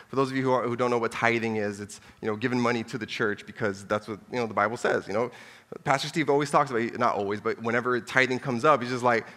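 A man with a bright, forceful, mid-range voice delivers a sermon quickly in a loose, conversational style. He makes joking asides and repeats phrases for emphasis, and a long church-hall reverb surrounds him.

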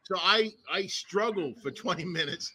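A man co-hosting a comedy podcast, telling animated, profane anecdotes with voices. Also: high-pitched, normal speed, slightly rough. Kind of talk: casual chat, storytelling.

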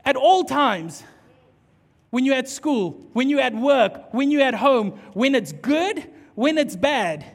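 A man preaching a sermon and telling a story, acting out dialogue in an animated way. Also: very high voice, slow. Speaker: pastor. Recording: long hall reverb.

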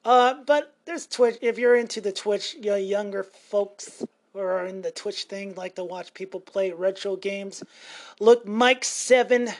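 A woman's voice: medium pitch, unhurried, a little mellow. A woman from Montana co-hosting a casual podcast, rambling and joking crudely with plenty of swearing. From Montana, USA. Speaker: podcast co-host.

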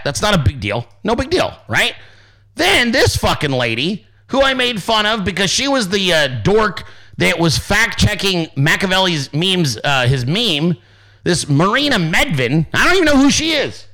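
A man hosting a podcast, ranting in a casual, sarcastic and profane way with loud outbursts. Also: high voice. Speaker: podcast host.

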